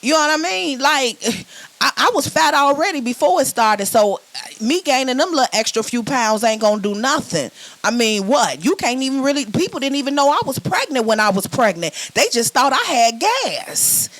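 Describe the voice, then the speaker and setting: Young woman doing a sassy, loud virtual stand-up set. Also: high-pitched, animated, moderate pace, no echo. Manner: loud, sassy, repeats words when starting phrases. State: sweating. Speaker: stand-up comedian.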